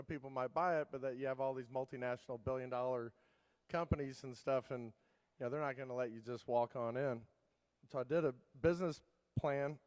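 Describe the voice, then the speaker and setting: A man's voice: mid-range voice, clear, resonant tone. A man giving a keynote talk, telling his story in a loose, rambling way with many fillers and restarts. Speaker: keynote speaker. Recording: long hall reverb.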